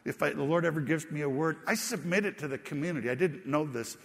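A man preaching a sermon as pastor, telling stories in a conversational, animated way. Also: on the high side, fast, creaky, big-room sound.

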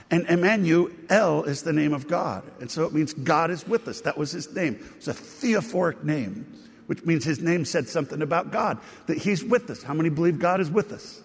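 A man's voice: a little high, expressive, moderate pace, breathy edge, big-room sound. A man preaching a sermon, teaching in a conversational way and rising into emphasis on key points. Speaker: pastor.

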